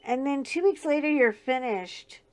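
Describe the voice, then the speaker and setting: A woman's voice: sits high, lively intonation, normal speed, a little mellow. A middle-aged woman with a scratchy voice, chatting casually and laughing often as she talks through her crafting. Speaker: crafting channel host. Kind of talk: casual chat while diamond painting.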